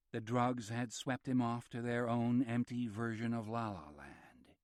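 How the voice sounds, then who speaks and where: Measured male audiobook narrator. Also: lowish voice, dry recording, clean studio sound. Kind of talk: scripted narration.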